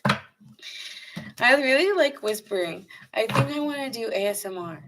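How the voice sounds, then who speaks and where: A woman's voice: fairly high pitch, moderate pace. A woman giving a casual live tarot reading, chatting to viewers by name between cards. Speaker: tarot reader. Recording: steady background noise.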